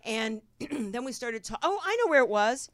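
A woman's voice: fairly high pitch, expressive, normal speed, fairly bright tone, no echo. Middle-aged jersey woman hosting a talk show, new jersey accent, brash and rambly, dry close sound. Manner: brash, swears freely, rambling storyteller. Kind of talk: casual chat.

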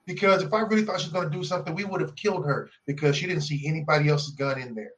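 A man co-hosts a casual podcast and tells a rambling story, full of swearing. He acts out each person in it. His voice sits a little higher than most men's. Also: rapid-fire, rough recording. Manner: animated, profane, acts out the people in his story. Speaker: podcast co-host. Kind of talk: casual chat, storytelling rant.

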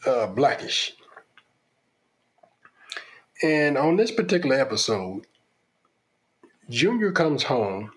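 A man's voice: medium pitch, a bit bright. A man hosting a podcast, delivering an opinionated monologue in an emphatic, preachy style with lots of rhetorical questions. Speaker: podcast host.

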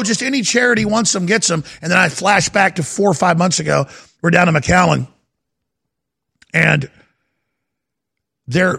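A male talk show host rants in heated, emphatic commentary. His voice sits high and sounds very gravelly. It comes across forceful and husky. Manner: heated, emphatic, repeats himself. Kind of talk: agitated talk radio commentary.

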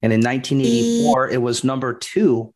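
Man, trivia host, teasing, unhurried question reading, mid pitch. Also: steady tone, darkish tone. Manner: teasing, reads questions slowly. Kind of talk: casual quiz banter.

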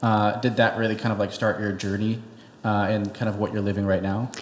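A man's voice: fairly low pitch, level tone, brisk, roomy sound, a little hiss or hum. A man asking interview questions hesitantly, with many fillers.

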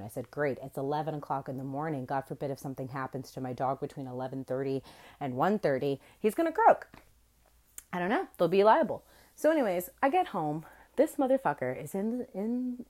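A young adult woman hosting a podcast, telling a story in a casual, animated and profane way that swings between loud and soft. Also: low-pitched. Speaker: podcast host.

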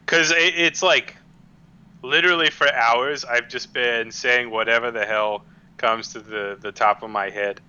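A man's voice: medium pitch, fairly even intonation, unhurried, bright, forceful tone, clear, resonant tone. A man co-hosting a podcast, chatting loosely and mocking himself with whiny asides. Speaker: podcast co-host. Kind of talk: casual chat. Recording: dull lo-fi sound.

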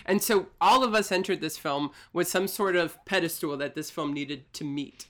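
A man's voice: fairly high pitch, normal speed, bright, forceful tone. A man co-hosting a film podcast, giving articulate, analytical opinions in long sentences. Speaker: podcast co-host. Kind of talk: casual chat.

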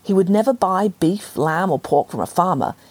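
Woman doing a deadpan, sardonic old grandmother. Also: lowish voice, moderate pace, breathy edge. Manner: deadpan, mock-serious.

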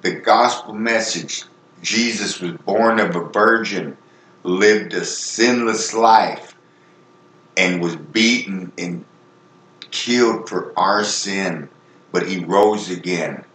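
A man's voice: low voice, takes it slowly, fairly bright tone, roomy sound. A man preaching an informal sermon in a folksy, earnest, conversational way.

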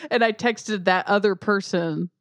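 A woman co-hosting a casual podcast, asking quick follow-up questions and telling a relaxed anecdote. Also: medium pitch, no room sound, studio quality. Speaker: podcast co-host. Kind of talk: casual movie podcast chat.

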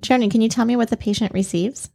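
Podcast host lady, earnest and emphatic, lots of vocal fry, soft warm tone. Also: on the high side, fairly even intonation, fast talker. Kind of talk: conversational interview.

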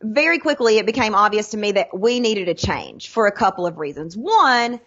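A woman's voice: medium pitch, moderate pace, muffled recording. A middle-aged woman from Tennessee with a Southern accent, chatting as an interview guest and acting out the people in her stories. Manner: animated storytelling, acts out quotes. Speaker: guest, sales trainer. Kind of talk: casual interview chat.

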